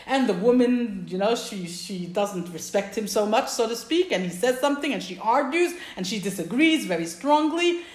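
A woman teaching a class over a video call, telling a parable in an animated, emphatic way. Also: fairly high pitch, normal speed, few pauses, reverberant. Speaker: religious teacher.

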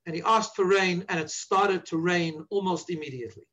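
Earnest high-voiced man teaching prayers. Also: fairly even intonation, a little fast, a bit bright. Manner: earnest, instructive, repeats page numbers. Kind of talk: explaining the liturgy to listeners.

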